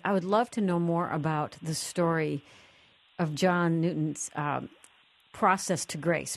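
A woman's voice: on the low side, a little mellow. A woman hosting a faith talk show, speaking in an earnest, prayerful manner. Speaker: host.

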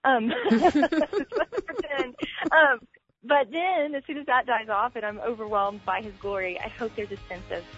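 A woman, a Bible teacher guest, talking earnestly in a casual faith interview, with many halting restarts. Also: a little high, fairly bright tone, faint music behind. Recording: tinny phone line.

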